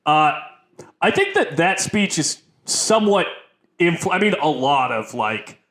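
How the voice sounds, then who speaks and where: A man's voice: fairly high pitch, big pitch swings, a bit bright. A man co-hosting a casual film podcast, contrarian and rambling, full of fillers. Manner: contrarian, drawn-out with many fillers. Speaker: podcast co-host. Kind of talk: casual chat.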